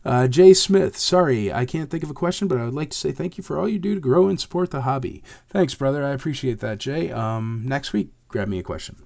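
A man hosting a casual chat answering viewer questions, his voice hoarse and raspy from illness, rambling with many fillers and turning emphatic. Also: medium pitch, darkish tone, dry recording, studio quality. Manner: rambling, many fillers, gets heated and emphatic about fakes.

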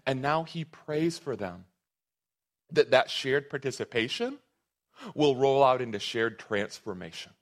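A man preaching a sermon to his congregation in an earnest, conversational way, often restarting his phrases. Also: mid-range voice. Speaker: pastor.

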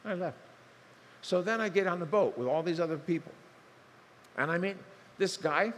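An older man preaching a sermon, telling stories in a lively, conversational way, acting out dialogue with humor. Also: high-pitched, moderate pace, a little hiss or hum. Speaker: pastor. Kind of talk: sermon storytelling. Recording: long hall reverb, faint ambience.

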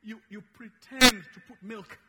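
Ugandan man preaching, high voice, loud hiss. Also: steady tone, in a large hall. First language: Luganda. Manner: slow, emphatic, dynamic in loudness, playful teasing. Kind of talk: sermon. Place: church.

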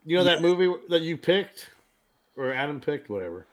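Playful man with a lively voice. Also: a little high, moderate pace. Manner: playful, hums and sings bits, laughs. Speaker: podcast co-host. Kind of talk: casual chat.

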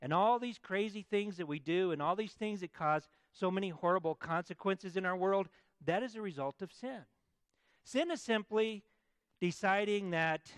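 A male pastor delivers a sermon in a high, conversational voice. He draws the congregation in with questions and has them repeat phrases back. The sound is close and dry. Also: moderate pace, smooth, no echo. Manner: conversational preaching, asks the congregation to answer back.

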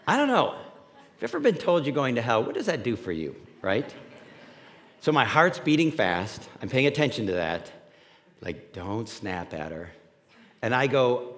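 A man's voice: medium pitch, big pitch swings, moderate pace, a bit bright. A man preaching a conversational sermon as a pastor, reading scripture and telling stories with frequent "right?" asides. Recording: reverberant hall.

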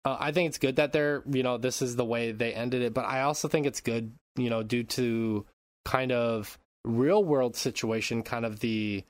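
A man's voice: mid-range voice, fairly even intonation, normal speed, no room sound. A young man hosting a casual podcast who laughs often, rambles, and swears while recapping an episode. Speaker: podcast host.

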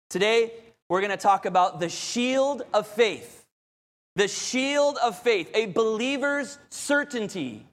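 A man preaching a sermon as pastor, dramatic, moving between loud urgency and hushed calm. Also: very high voice. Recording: long hall reverb.

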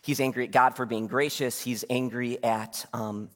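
A man's voice: medium pitch, steady tone, moderate pace, a bit bright. A man in his thirties preaching a sermon in a church, talking conversationally and asking the congregation questions. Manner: conversational, asks the congregation questions, acts out quotes. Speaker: pastor. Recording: long hall reverb.

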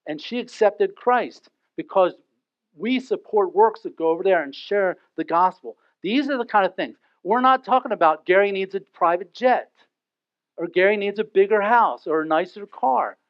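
A male pastor preaching a sermon in a church. He talks in a lively way and acts out small scenes and quotes with humor. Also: high voice, no echo. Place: church sanctuary. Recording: dull lo-fi dry recording.

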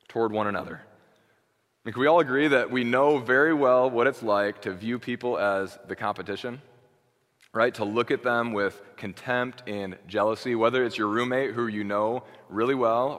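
Guy pastor preaching, low voice, chatty sermon with lots of okays, long hall echo. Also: a bit bright. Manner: conversational preaching with many "okay"s and restarts.

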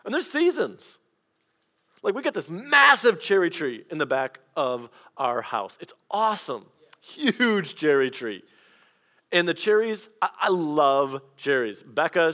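A man preaching a sermon as pastor, telling personal stories in a lively conversational way. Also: a little high. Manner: storytelling, animated and conversational.

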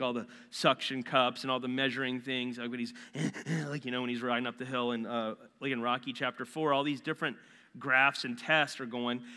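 A man preaching a sermon as a pastor in a casual, animated way, full of slangy asides. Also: medium pitch. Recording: long reverb in a large hall.

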